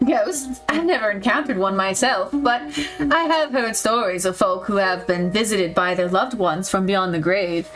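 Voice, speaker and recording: A woman voicing a nervous middle-aged male pastor in a put-on Southern accent, talking softly and earnestly. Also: medium pitch, moderate pace, faint music behind, voice pushed down, natural voice. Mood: soothing.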